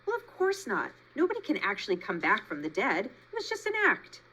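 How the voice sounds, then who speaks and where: A vain and chatty female possum who fancies herself a great performer, talking high and with big swoops of pitch. Her voice gushes and flutters over every line, as a woman reading the story aloud does her. It is a storybook read-aloud for children. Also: fairly quick, husky, full character voice, rough recording. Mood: theatrical. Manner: gushing, showy, high and lively.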